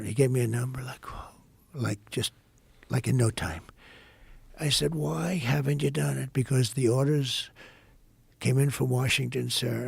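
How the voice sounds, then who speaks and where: Gravelly older man telling a story. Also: mid-range voice, no room sound. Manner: rambling, repetitive, acts out dialogue in a hushed voice. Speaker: podcast guest. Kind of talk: casual storytelling in an interview.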